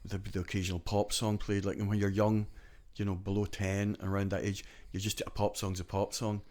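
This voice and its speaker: Guest storyteller: man in his 60s, Glasgow Scottish accent, somewhat low voice, rambling talk full of asides. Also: little pitch movement, fairly quick, darkish tone. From born in Glasgow, raised partly in Donegal. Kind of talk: conversational podcast storytelling.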